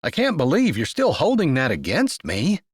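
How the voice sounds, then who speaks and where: A man voicing an easygoing young male snowboarder in an audiobook, calm and reassuring. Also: fairly high pitch, moderate pace, breathy edge, no echo, clean studio sound, heavily acted. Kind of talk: audiobook character voice.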